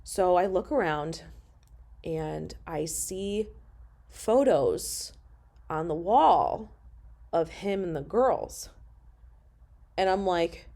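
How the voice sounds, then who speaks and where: A woman's voice: on the low side, slow, long pauses, a little mellow. A woman telling a personal story to her viewers in a casual, emotional way, swearing freely and talking straight to them. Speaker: storyteller vlogger.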